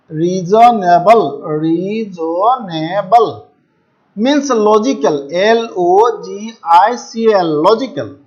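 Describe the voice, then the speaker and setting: A middle-aged man with an Indian accent teaching an English lesson, repeating words and switching into Hindi to explain. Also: high voice. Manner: addresses students as "my dear children". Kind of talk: classroom lesson explaining a textbook chapter.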